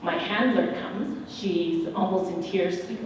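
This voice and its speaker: A woman's voice: lowish voice, normal speed, hardly any pauses, slight background noise. A middle-aged woman tells a personal story in a keynote speech and acts out the dialogue as she goes. Her voice is heard from a distance, with strong echo and a long reverb tail. A faint murmur of the room sits behind her. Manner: candid, animated storytelling with quoted dialogue. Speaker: keynote speaker. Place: large hotel event hall. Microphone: handheld microphone. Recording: distant, echoey hall recording with faint ambience.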